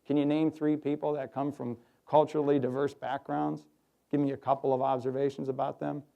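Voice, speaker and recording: A middle-aged man giving a lively workshop talk to an audience, acting out quoted voices. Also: medium pitch, a little fast, gravelly, muffled recording. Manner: animated, acts out quoted voices. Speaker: workshop speaker. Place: hotel conference room.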